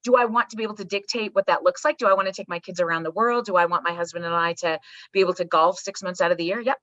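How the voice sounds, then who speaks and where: Middle-aged woman, low-ish voice, blunt and sweary, animated storyteller, kinda muffled dry audio. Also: racing, dry recording. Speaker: psychologist guest. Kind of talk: candid podcast conversation. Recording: slightly muffled dry recording.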